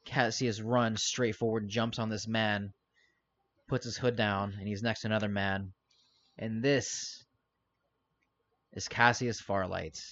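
A man's voice: on the low side, steady tone, slow, long pauses, a bit bright, muffled recording. A man narrating a tabletop game as game master, casual and joking with his players. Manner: casual, swearing, laughing with players.

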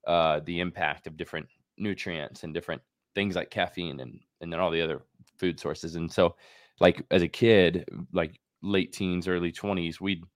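A man's voice: sits low, fairly even intonation, normal speed, dry recording, studio quality. A young man hosting a podcast interview, chatty and loose, laughing often and full of fillers. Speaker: podcast host. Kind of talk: casual interview chat.

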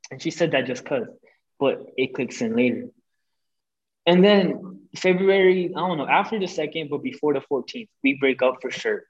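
A young man, a podcast guest, telling a breakup story in casual chat, animated and full of swearing, acting out what people said. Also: mid-range voice, normal speed, lo-fi sound. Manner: animated, profane, acts out quoted lines.

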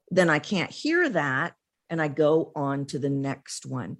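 Woman with a low voice coaching on a podcast, punchy and emphatic. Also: lively intonation, measured pace. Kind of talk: podcast interview guest.

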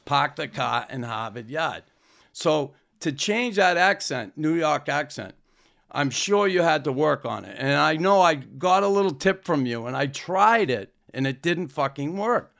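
Gravelly Boston-accented man, blunt. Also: a little high, lively intonation, measured pace, a bit bright. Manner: blunt, swears freely. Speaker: podcast co-host. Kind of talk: casual podcast chat.

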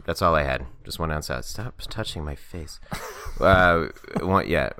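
Very deep-voiced tired young man. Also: measured pace, pushed and bright. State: tired, hungover. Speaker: podcast co-host. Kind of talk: casual chat.

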